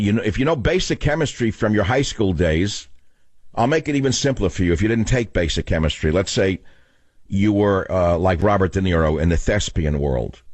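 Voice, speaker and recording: A man's voice: low voice, a little mellow, dry recording. Combative older man hosting talk radio. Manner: combative, emphatic, lecturing. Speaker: radio talk show host. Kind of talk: political talk radio monologue.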